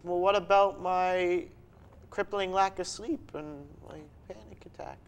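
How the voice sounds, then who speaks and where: A young man in a student sketch comedy, playing a halting, whiny therapy patient. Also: high voice, creaky, smooth. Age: young adult.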